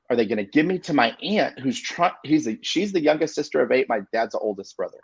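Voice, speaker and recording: A man in his forties, an inspirational speaker, telling a personal story in an earnest, halting way with many fillers and restarts. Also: mid-range voice, breathy edge, dry recording, highs cut off. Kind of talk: storytelling on a video call show.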